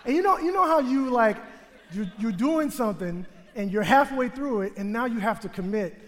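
A man's voice: very high voice, normal speed. Brief: male stage storyteller, funny and self-deprecating, voice ringing through a big theater. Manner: humorous, self-mocking, animated delivery. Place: theater stage before a live audience. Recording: long theater hall reverb.

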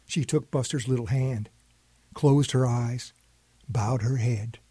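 Slow, husky male storyteller. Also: medium pitch, no echo. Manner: calm, homespun storytelling. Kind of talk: storytelling narration.

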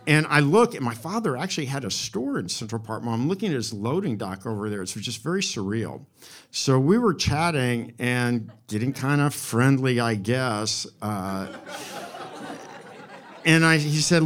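A man in his sixties telling a true story at a live storytelling event, wry and profane with a deadpan delivery. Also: medium pitch, normal speed. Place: live event before an audience.

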